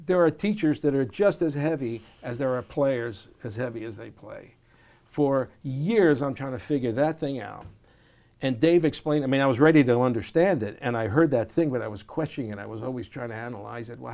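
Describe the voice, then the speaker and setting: A mid-range voice with vocal fry belongs to this jazz saxophonist and educator. In an oral history interview he tells stories with flair, dramatizing scenes and scatting melodic lines.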